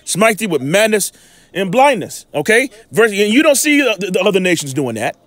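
A Bible teacher gives informal, emphatic scripture teaching, repeatedly pausing his reading to make sure listeners are following. His high voice is sing-song, a bit bright, and swings widely in pitch at a normal speed. The sound is dry with no room echo.

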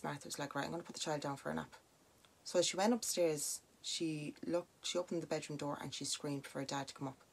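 A young Irish woman hosting a podcast, telling a story in a chatty, animated way full of "like" and "now" asides. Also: low-pitched. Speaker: podcast host. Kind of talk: casual spoken storytelling.

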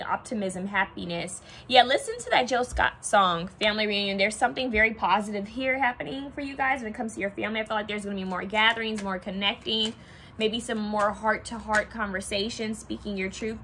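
A woman's voice: medium pitch, fairly even intonation, fairly quick, fairly bright tone, slight background noise. A young woman giving a casual pick-a-card tarot reading, chatting and thinking aloud as she pulls cards.

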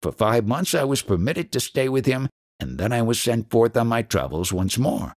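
A man's voice: medium pitch, very animated, normal speed, a little mellow, no room sound, studio quality. A man voicing a proud, emotional former soldier turned yogi who speaks eagerly and boastfully. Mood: earnest.

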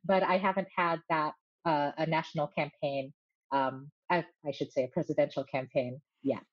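A woman who runs a voice studio, speaking as a guest in a measured, articulate and friendly way. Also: low voice, fairly even intonation, dull audio. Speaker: voice coach. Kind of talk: interview guest.

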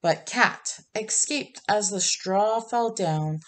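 Lady reading a kids picture book out loud, slow and gentle, mid pitch. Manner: gentle, expressive storytelling. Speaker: storybook reader. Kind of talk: children's picture-book read-aloud.

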